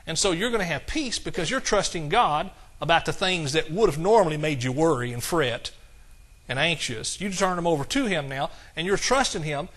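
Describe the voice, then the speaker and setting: Preaching in a folksy, conversational style, a man with a slightly raised pitch, lively intonation and a somewhat bright tone chuckles at his own jokes from time to time. When quoting scripture, he slows to a measured cadence.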